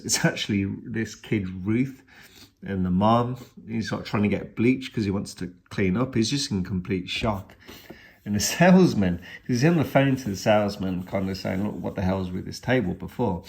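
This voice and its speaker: Man, low voice, gravelly, rambling film recap, casual. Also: moderate pace, darkish tone. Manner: rambling, retells the plot with many restarts and fillers. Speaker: film reviewer. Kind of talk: casual spoken film review.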